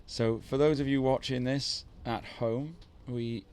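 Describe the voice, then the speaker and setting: A man's voice: mid-range voice, fairly even intonation, unhurried, a little mellow, clear, resonant tone. A man commentating live on a surfing contest, mixing play-by-play calls with chatty, teasing banter.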